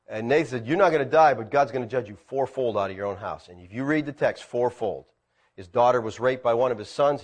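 A middle-aged male pastor preaching a sermon, swinging between loud emphatic peaks and quiet asides. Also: medium pitch.

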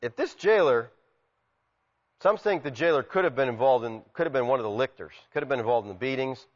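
A man preaching a sermon, animated, acting out quotes and swinging from loud shouts to quiet asides. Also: mid-range voice, brisk. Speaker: pastor. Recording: muffled sound with long hall reverb.

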